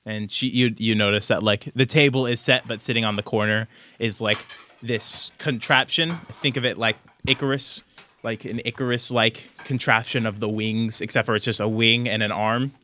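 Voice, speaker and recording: A man's voice: mid-range voice, steady tone, moderate pace, pushed and bright. A man narrating a tabletop role-playing game as game master, describing the scene conversationally and loosely. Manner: descriptive, conversational, with frequent "like" and "kind of".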